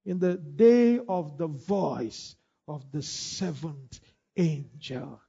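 A man with a high voice preaches a sermon in a church, repeating phrases and pressing the congregation to answer him. He swings between quiet stretches and shouts. The recording is dull and lo-fi. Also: extremely slow, gravelly, slightly rough. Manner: repetitive, call-and-response, rising to shouts. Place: church hall.

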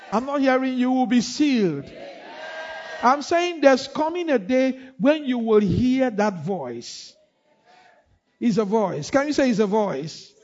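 A man's voice: high voice, husky, lo-fi sound. A man preaching a sermon in church, repeating phrases and calling on the congregation to respond. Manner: repetitive, call-and-response, rising to shouts. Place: church hall.

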